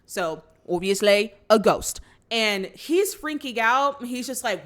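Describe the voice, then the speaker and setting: A woman's voice: fairly high pitch, lively intonation, unhurried, few pauses, fairly bright tone. A woman hosting a movie reaction channel, recapping a film in a chatty way, acting out quoted lines and using lots of fillers. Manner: chatty storytelling with acted-out quotes and many "like" fillers.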